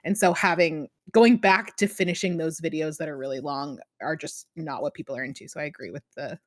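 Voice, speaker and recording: A woman's voice: low-pitched, fairly quick, dry recording, clean studio sound. A woman co-hosting a podcast in casual chat, thoughtful with many fillers. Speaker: podcast co-host.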